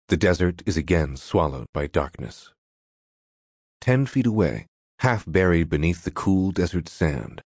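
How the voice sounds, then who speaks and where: A man with a very low voice reads an audiobook in a measured, descriptive way. The recording is dry and close, with no room sound. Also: darkish tone, dry recording. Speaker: narrator. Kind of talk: audiobook narration.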